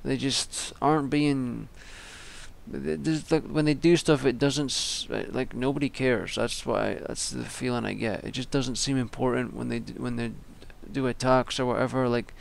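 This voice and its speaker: A man's voice: mid-range voice, fairly even intonation, moderate pace, creaky. A young man giving casual, rambling solo commentary, with frequent ums and restarts. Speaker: wrestling vlogger.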